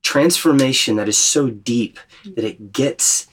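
A man leading a group retreat, teaching in a thoughtful, gently questioning way. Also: medium pitch, unhurried, breathy edge. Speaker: retreat leader. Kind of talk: reflective spiritual teaching.

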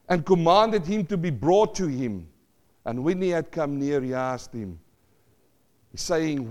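Preaching pastor, loud then hushed. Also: male voice, a little high. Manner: dramatic, swings from loud cries to hushed asides; repeats phrases, asks the congregation questions. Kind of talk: sermon.

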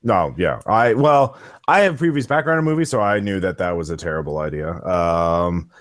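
A man's voice: low-pitched, animated, normal speed, no room sound, studio quality. A man chatting casually as a podcast guest, rambling with many restarts and fillers. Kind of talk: casual chat.

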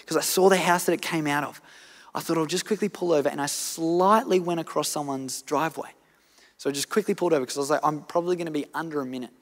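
A man preaching a sermon, earnestly telling a story and swinging from loud to hushed. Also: high-pitched. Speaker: pastor. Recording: long church hall reverb.

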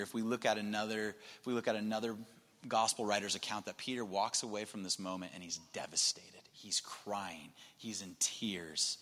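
A man preaching a sermon, dropping to a hushed low voice and then rising to loud, emphatic lines. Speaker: pastor. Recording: long hall reverb.

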